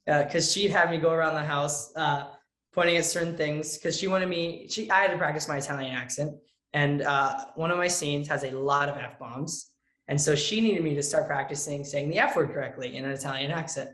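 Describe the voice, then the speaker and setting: A teenage boy talks with earnest, lively energy. His voice sits a little high for a male speaker, and the room around him has a noticeable echo. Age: teens. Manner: earnest, lively, acts out quotes with a raised voice. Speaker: young actor, interview guest. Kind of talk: casual interview answers.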